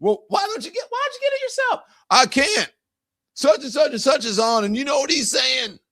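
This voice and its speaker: Male host putting on a squeaky, bickering Southern couch potato glued to the TV, voice jumped way up high. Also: sing-song, normal speed, fairly bright tone, exaggerated voice. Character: shrill squabbling Southern couch-bound TV viewer.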